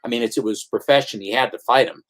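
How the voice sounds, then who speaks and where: Talking fast in a medium-pitched, fairly bright voice, a man hosts a loose chat about comics as a shop owner and channel host. His stories wander with many restarts and asides, and he drops into comic voices.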